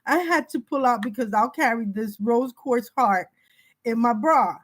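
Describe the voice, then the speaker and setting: Halting, emotional woman talking to camera. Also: a little high. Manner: halting, repeats words, breaks off emotionally; urgent warning tone. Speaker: spiritual video creator. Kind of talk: emotional direct-to-camera monologue.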